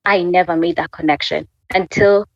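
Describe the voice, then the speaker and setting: A woman's voice: on the low side, fairly even intonation, normal speed, no echo, dull audio. A woman in her twenties from Kenya candidly telling her personal faith story as an interview guest. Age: 20s. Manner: candid, conversational, full of fillers.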